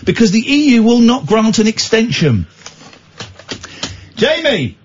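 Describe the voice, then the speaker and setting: A playful British man hosts a late-night comedy radio show and swings from shouts to mumbles. His voice is high and very animated, with music faint behind a dull, lo-fi sound. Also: normal speed, slight background noise. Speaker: radio host.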